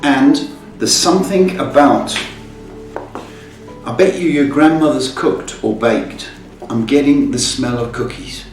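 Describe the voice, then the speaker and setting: Slow, teasing man with roomy distant sound. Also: medium pitch. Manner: cheeky, teasing banter. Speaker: psychic tarot reader, host. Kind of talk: live call-in reading show. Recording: roomy echo, far from mic, music behind.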